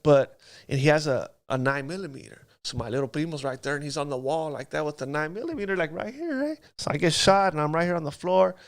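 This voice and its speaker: A man's voice: a little high, expressive, fast, no echo. A man telling his life story in a casual interview, using street slang and acting out sounds.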